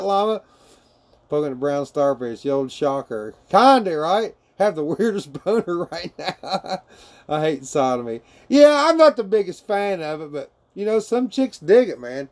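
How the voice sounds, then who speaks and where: A man with a fairly high voice streams from his bedroom, answering chat in an unhurried drawl. His talk is crude and loose, full of laughter and "man" and "dude." He sounds like a relaxed home streamer hanging out with viewers.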